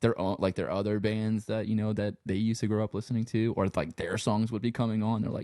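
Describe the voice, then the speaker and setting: A man's voice: on the low side, fairly quick, warm tone, dry recording, clean studio sound. A man from Louisiana with a Cajun accent, talking in a laid-back, rambling way and swearing freely in a casual conversation. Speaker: podcast guest.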